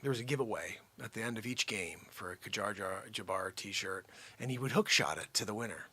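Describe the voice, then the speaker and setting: A man hosting a comedic livestream, riffing jokily on news stories and breaking into shouts. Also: fairly low pitch, brisk, breathy edge. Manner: animated, jokey, breaks into shouting. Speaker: host.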